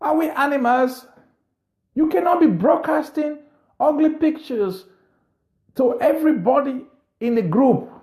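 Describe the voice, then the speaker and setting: A man's voice: very high-pitched, animated, measured pace, long pauses, darkish tone. A man giving an impassioned political monologue, indignant and full of rhetorical questions. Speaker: political commentator.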